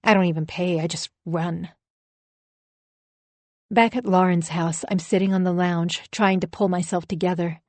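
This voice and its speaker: Low-voiced woman narrating an audiobook. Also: fairly even intonation, normal speed, long pauses, dry recording. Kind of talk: first-person audiobook narration.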